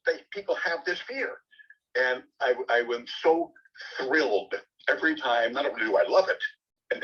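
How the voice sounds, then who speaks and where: An older man, a sportscaster guest, telling long animated anecdotes in conversation, often repeating words as he starts sentences. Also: medium pitch, breathy edge. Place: bookstore event. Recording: distant, dull lo-fi audio.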